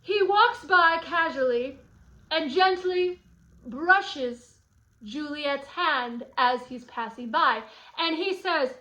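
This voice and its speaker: A woman's voice: high-pitched, slow, sharp tone, rough recording. A woman teaching a guided study lesson, explaining a play in a playful, chatty way with asides to her students.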